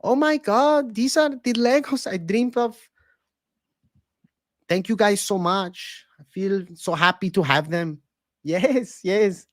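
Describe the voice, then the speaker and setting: A man doing an impression of a humble young male fighter, speaking slowly and earnestly in a raised voice. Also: high-pitched, dry recording, clean studio sound, voice pushed up. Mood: delighted.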